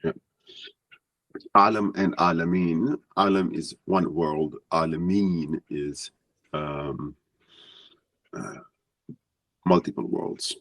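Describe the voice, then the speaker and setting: Very deep-voiced man, native Urdu speaker. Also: steady tone, a bit bright, no echo. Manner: halting, restarts mid-phrase. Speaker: class host and teacher. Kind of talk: guiding a language lesson.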